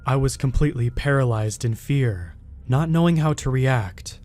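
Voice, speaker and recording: A man reading a first-person scary story aloud in a steady, measured way. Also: medium pitch. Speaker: horror story narrator.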